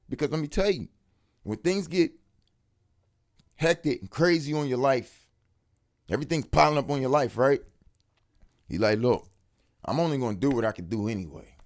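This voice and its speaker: A man giving an excited, casual faith testimony to camera, full of street slang and repeated words for emphasis. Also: fairly high pitch, moderate pace, long pauses. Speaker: religious video speaker.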